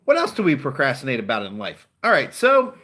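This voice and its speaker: A man's voice: mid-range voice, wildly swooping pitch, a little fast, a bit bright. A middle-aged man and car dealer giving a fired-up, profane, blunt motivational talk to his channel's viewers.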